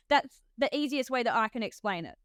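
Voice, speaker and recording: A woman's voice: fairly high pitch, very animated, moderate pace, a bit bright, no echo, clean studio sound. A woman with an Australian accent hosting a podcast as a nurse, chatty and laughing often, with lots of "like". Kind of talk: casual podcast chat.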